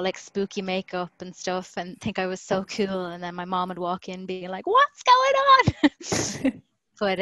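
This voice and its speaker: A woman's voice: fairly low pitch, no echo, low-quality recording. A woman in her thirties from Ireland with an Irish accent, a podcast guest telling her story in a chatty way, laughing often and acting out what people said. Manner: chatty, laughs often, acts out quoted lines. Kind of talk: casual storytelling in an interview. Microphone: remote call.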